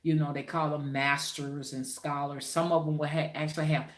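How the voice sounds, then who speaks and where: A woman's voice: low voice, flat delivery, moderate pace, roomy sound. A woman hosting a spiritual livestream, talking casually and preachily to her viewers and greeting them by name.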